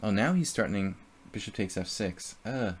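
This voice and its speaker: A man's voice: lowish voice, animated, normal speed, slightly rough. A man streaming live chess, thinking aloud about his moves and chatting casually with viewers.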